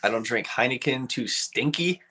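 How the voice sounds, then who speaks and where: A man's voice: medium pitch, animated, normal speed, bright, forceful tone, slight background noise. Laid-back man chatting to a live chat. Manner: rambling, swears freely, laughs often. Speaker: live stream host. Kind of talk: casual chat with live chat viewers.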